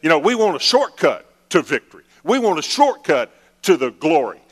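A man's voice: on the high side, very animated, normal speed. Man preaching in a reverberant hall. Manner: conversational preaching with playful acted-out prayers. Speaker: pastor. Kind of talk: sermon.

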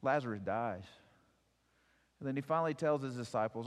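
Male preacher, mid pitch, animated storyteller; recorded with long hall reverb. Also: moderate pace. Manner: storytelling, animated retelling with acted quotes. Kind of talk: sermon.

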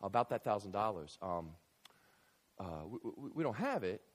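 A man's voice: lowish voice, very animated, normal speed, pitched below the performer's own voice. A man voicing a sheepish bank manager who stammers and hesitates through every sentence. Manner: hesitant, full of ums and restarts.

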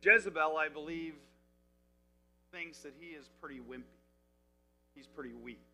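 A man whose voice sits a little high preaches at a normal speed over soft background music on a low-quality recording. He recasts scripture in everyday words, lively in manner, and asks his listeners questions.

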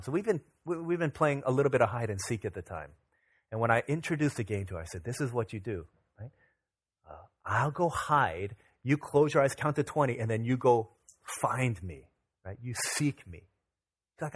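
A man in his thirties, a pastor, preaching a sermon that opens with a lively family anecdote, acting out the dialogue in it. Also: mid-range voice, a little fast, breathy edge. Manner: animated, acts out dialogue in anecdotes. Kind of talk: sermon with storytelling.

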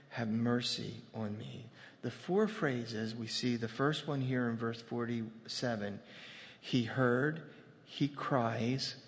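A man preaching a sermon in a loose, conversational way, breaking off into humorous asides before returning to his point. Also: mid-range voice. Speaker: pastor. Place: church sanctuary. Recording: long hall reverb.

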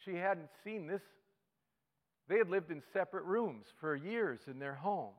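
A man's voice: sits high, lively intonation, unhurried, muffled recording. Male pastor preaching in a big hall. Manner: storytelling with sudden swings between loud and hushed. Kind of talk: sermon. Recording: long hall reverb.

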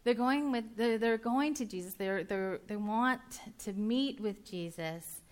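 A woman preaching in a relaxed, chatty way, as if she were talking with friends. She trips over her own words, starts sentences again and laughs easily with her listeners. Her voice sits at an ordinary middle pitch. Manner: chatty, with filler words and quick restarts; laughs easily and banters with the audience. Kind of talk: casual conversational sermon.

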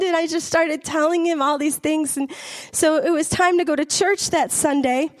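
A woman's voice: sits high, steady tone, normal speed. A middle-aged woman telling an earnest, emotional personal testimony, often laughing as she talks. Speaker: church member giving testimony.

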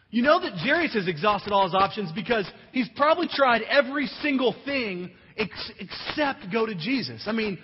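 A man with a notably high voice delivers a sermon, pushing some lines out loudly and letting others fall to a near whisper. He was recorded in a large hall with long reverb, on dull lo-fi audio with a faint hiss underneath. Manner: dramatic swings from loud emphasis to hushed near-whisper. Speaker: pastor.

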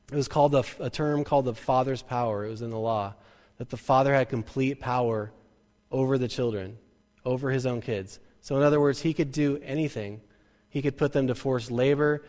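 A man preaching a sermon as a pastor, animated and joking, now and then acting out quoted parents and kids. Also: medium pitch. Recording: reverberant hall.

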